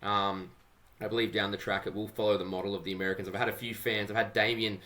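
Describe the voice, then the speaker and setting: An Australian man hosts a podcast in relaxed, chatty talk, tossing in "mate" as he goes. His voice sits low but sounds bright and forceful. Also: fast. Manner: upbeat, chatty, says "mate" often. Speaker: podcast host. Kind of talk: casual chat.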